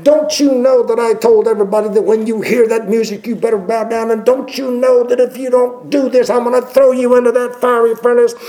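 A man voicing a furious ancient king who fires off indignant questions, raised well above his own pitch. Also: fairly even intonation, brisk, hardly any pauses, mellow, low-quality recording.

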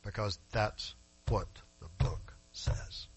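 A man preaching a sermon in a church, emphatic and rising to forceful peaks, speaking directly to his congregation. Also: lowish voice, fairly even intonation, takes it slowly, slight background noise, low-quality recording. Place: church sanctuary.

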